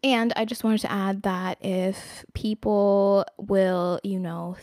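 A young woman speaks frankly to the camera in a casual Q&A vlog, her mid-range voice level, slow, and a little mellow. The recording is dry and studio-clean. She's chatty and giggly, peppering her candid monologue with "like" and small laughs.

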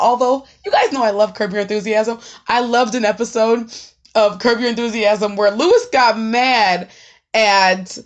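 A woman's voice: mid-range voice, animated, normal speed. A young adult woman talking casually and candidly to her viewers, with frequent ums and some swearing. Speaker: meditation vlogger. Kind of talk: casual talk to camera.

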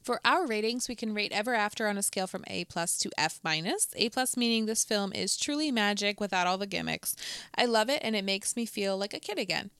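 A woman's voice: mid-range voice, animated, brisk, fairly bright tone, clear, resonant tone, dry recording. A young woman co-hosting a podcast, chatting casually and laughing, with lots of "like" and "um". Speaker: podcast co-host. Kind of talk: casual chat.

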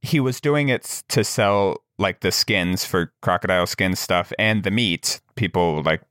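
Podcast co-host, man, low register, chatty storyteller with lots of fillers. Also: a little slow, fairly bright tone, smooth, no room sound, studio quality. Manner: rambling storyteller, many fillers. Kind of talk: casual chat.

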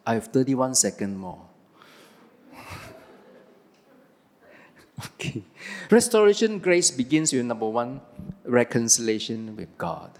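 A man's voice: medium pitch, slow pace, long pauses, in a large hall. A man preaching a sermon, firing questions at the congregation and answering them himself. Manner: animated, asks the audience questions and answers them.

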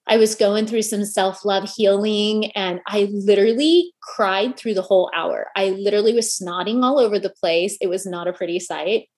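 A woman's voice: medium pitch, darkish tone. A middle-aged woman giving an earnest motivational talk to a gathering of women, often putting questions to the audience. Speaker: speaker addressing a women's gathering.

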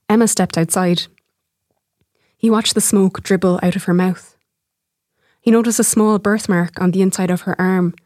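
A woman, an author reading her own short story aloud in a measured, even way. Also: fairly low pitch, dry recording, studio quality. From Ireland.

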